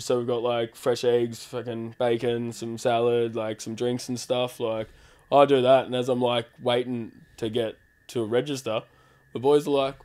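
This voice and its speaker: A man's voice: medium pitch, level tone, normal speed, a little mellow. A young Australian man telling wild road-trip stories in casual chat, swearing and laughing as he goes. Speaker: podcast host.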